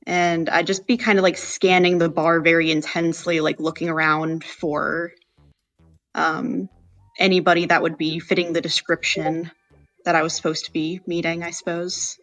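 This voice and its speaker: A player with a flat, even voice rambles through their character's actions in a tabletop game, full of "like" and "probably". Faint music sits underneath. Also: medium pitch, moderate pace.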